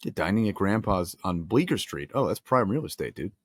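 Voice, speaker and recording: A man's voice: deep voice, very animated, brisk, no echo, clean studio sound. A man co-hosting a casual movie podcast, laid-back and joking with slangy banter. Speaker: podcast co-host. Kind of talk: casual film review chat.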